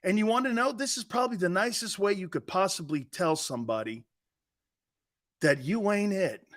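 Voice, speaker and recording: A man hosting a live sports talk show, loud, joking and blunt, laughing often. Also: high voice, expressive, moderate pace. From lives in Florida.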